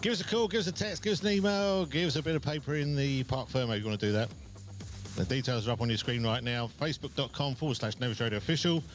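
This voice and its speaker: A man hosting a live radio show, chatty and upbeat, reading out contact details and running a competition. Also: medium pitch. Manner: quick, chatty, upbeat presenter. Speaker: radio host. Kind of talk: casual live radio chat.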